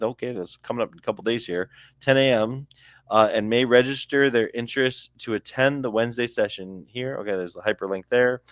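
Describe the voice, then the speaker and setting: A young man with a Canadian accent and a mid-range voice hosts a casual sports news video, recorded dry with clean studio sound. He reads an article aloud, adding chatty asides and stumbling over names.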